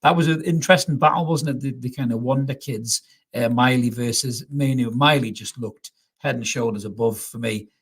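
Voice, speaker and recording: Husky Geordie man on a live stream. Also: mid-range voice, a little fast. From North East England. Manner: swears freely and repeats himself. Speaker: fan channel host reading comments. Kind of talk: live post-match reaction chat. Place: at home, indoors.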